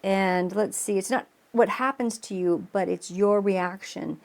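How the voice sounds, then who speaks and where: A woman's voice: medium pitch, steady tone, unhurried, gravelly, darkish tone. A woman tarot reader explaining astrology in a casual, rambling way, with many restarts and an earnest tone. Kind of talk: casual spoken astrology reading.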